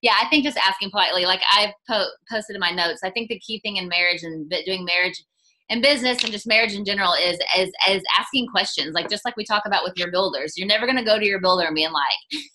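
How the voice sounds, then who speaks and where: Bright-voiced chatty woman giving advice. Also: mid-range voice, fast, slight background noise, rough recording. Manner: chatty, many fillers, acts out sample questions in a lifted voice. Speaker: business leader co-hosting with her husband. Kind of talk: casual conversational advice.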